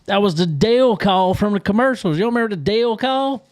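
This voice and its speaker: A man's voice: sits high, expressive, brisk, a little mellow. A man co-hosting a casual chat, asking follow-up questions and laughing easily. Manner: easygoing, laughs often, asks follow-up questions. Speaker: podcast co-host.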